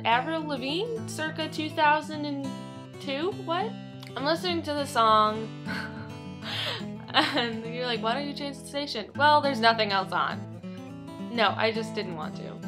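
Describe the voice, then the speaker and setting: A young woman chatting to camera in a self-amused way, with lots of "like" fillers. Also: medium pitch. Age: young adult. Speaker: vlogger. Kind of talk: casual chat to camera.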